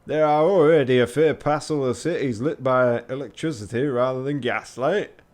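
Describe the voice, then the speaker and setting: A man voicing an irritable woman mechanic in a rough, put-on Yorkshire accent, loud and gruff. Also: mid-range voice, normal speed, close to an everyday voice. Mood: grumbling. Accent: bad put-on Yorkshire.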